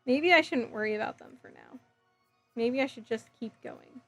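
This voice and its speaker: A slightly high-voiced woman chats loosely with her stream audience while she works, her speech full of fillers and restarts. Her voice has a faint hoarse edge. Soft music plays quietly underneath. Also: moderate pace. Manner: chatty, rambling, frequent fillers and self-corrections. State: voice getting hoarse. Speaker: livestream host building a model kit. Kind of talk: casual stream chat reading viewer comments.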